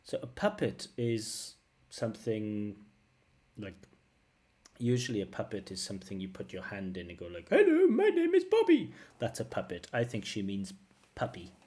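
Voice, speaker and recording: A man's voice: fairly low pitch, steady tone, moderate pace, a little mellow. A man working as a language test examiner, giving analytical feedback and repeating phrases to model pronunciation.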